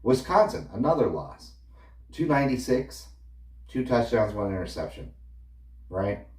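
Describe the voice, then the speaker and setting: Ranting about football, a man rattles off statistics in a casual, opinionated, dismissive way. His mid-range voice is a little mellow and sing-song, and he speaks a little slowly. The room is echoey and he sits a little far from the microphone.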